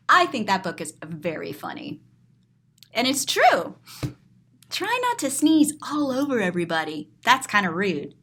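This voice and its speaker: High, animated woman reading a children's story. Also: husky. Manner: dramatic, describes the pictures aloud with gasps and exclamations. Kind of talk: expressive children's read-aloud.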